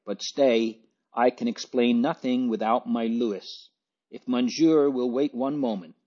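A man voicing an excitable, warm-hearted landlady, emphatic and near tears, on a dull lo-fi recording. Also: medium pitch, a little slow, natural voice. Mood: fervent.

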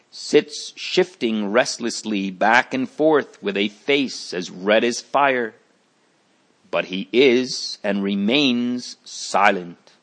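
Slow, measured male history narrator. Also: fairly low pitch. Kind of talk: scripted narration of church history.

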